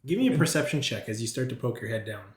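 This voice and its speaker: A man narrating a tabletop game as game master, measured and descriptive. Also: mid-range voice, expressive. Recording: roomy echo.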